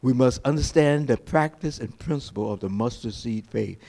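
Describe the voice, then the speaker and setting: A man preaching a sermon as pastor, jumping from slow, hushed quoted lines to high, lively preaching and often repeating his words. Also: creaky. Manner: repeats words and restarts phrases.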